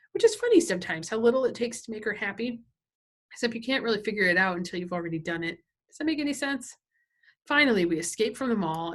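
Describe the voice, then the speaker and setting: A woman teacher at home reading a novel aloud, with casual asides that check in with her listeners. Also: mid-range voice.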